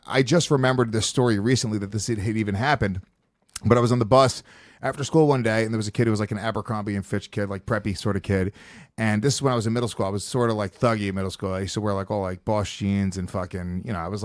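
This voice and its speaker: A man hosting a podcast, talking casually with a lot of swearing and animated storytelling. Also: lowish voice, fast, dry recording. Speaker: podcast host.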